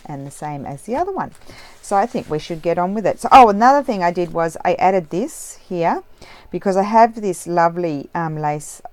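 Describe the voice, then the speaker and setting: Low-voiced woman chatting through a craft project. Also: a little mellow. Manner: rambling, with many self-corrections and trailing asides. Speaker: crafting vlogger. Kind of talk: casual crafting tutorial chat.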